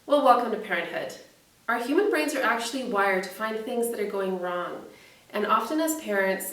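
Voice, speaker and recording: A woman's voice: mid-range voice, far from the mic. A woman hosting a parenting tips program, talking in an encouraging, friendly way and often asking the listener questions. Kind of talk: scripted parenting tip talk. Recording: echoey room, voice a bit off-mic.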